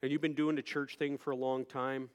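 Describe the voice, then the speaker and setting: A male pastor preaching a sermon, moving from quiet storytelling to loud, impassioned preaching. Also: medium pitch, level tone, fairly quick, clear, resonant tone, muffled recording.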